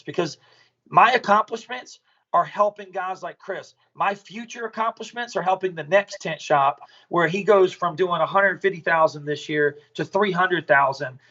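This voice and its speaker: A man with a high-pitched voice speaks as a podcast guest. He tells stories bluntly and casually, swearing freely. The audio sounds dull and lo-fi. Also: pushed and bright. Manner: blunt, profane, storytelling. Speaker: business owner guest.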